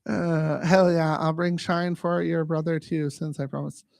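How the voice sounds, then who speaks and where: A man hosting a casual live-stream chat, jokey and animated and given to breaking into silly voices. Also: a little high, measured pace, vocal fry. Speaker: host.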